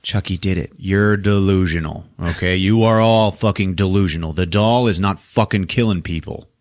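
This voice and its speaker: A man voicing a defiant, foul-mouthed young woman patient in a low, flat, insistent tone. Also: moderate pace, no room sound, clean studio sound. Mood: angry.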